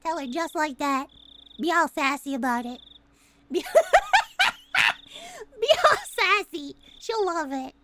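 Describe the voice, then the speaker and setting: A young adult woman streaming a game, chatting casually with bursts of yelling and laughter. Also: high-pitched, slow pace, long pauses, heavy background noise. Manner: excitable, loud outbursts and frequent laughter. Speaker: streamer and voice actress. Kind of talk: casual live-stream chat.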